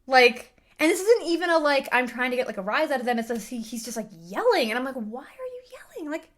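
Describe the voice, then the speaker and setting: Woman, somewhat high-pitched, casual rant, animated, exasperated, lots of fillers. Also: fast, a little hiss or hum. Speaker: book and film reviewer.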